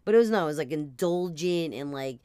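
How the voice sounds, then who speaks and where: A woman's voice: low-pitched, animated, brisk, dark tone, smooth, no room sound, studio quality. A woman with a New Jersey accent, hosting a podcast and telling rambling, self-mocking comic stories. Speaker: podcast host. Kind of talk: comedic storytelling monologue.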